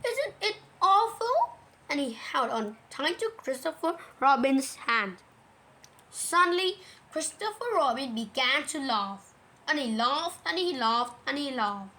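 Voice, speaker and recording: A woman reading a children's storybook aloud in a gentle, measured way. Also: sits high, rough recording.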